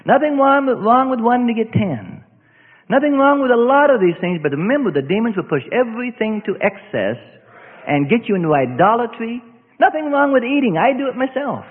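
Male preacher, emphatic sermon, high voice, tinny phone-like sound. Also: expressive, fairly quick, long reverb tail. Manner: emphatic, repetitive, keeps asking "see?". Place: church assembly hall.

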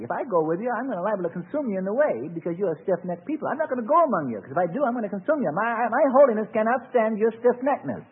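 A man's voice: high-pitched, lively intonation, fast talker, breathy edge. A man preaching a sermon in a rising and falling cadence, asking the listeners repeated questions. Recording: tinny phone-like old recording.

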